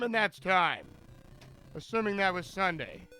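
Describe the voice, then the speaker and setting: A man's voice: high-pitched, lively intonation, normal speed, pushed and bright, faint music behind. A man commentating his own game run live, rambling and joking with frequent stammered restarts.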